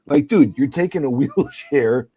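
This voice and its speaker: Animated storytelling man, higher voice. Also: unhurried, slightly rough. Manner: animated, acts out quotes with laughs. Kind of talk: casual storytelling chat.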